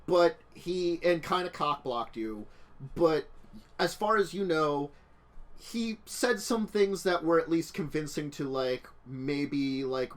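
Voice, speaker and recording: A game master narrating a tabletop game, laughing often and rambling loosely with fillers. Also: mid-range voice.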